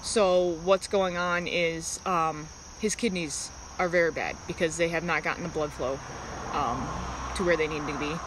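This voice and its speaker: A woman chatting casually on a live stream, talking in halting, rambling stretches and breaking off to greet viewers by name. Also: sits low, steady tone, noisy background.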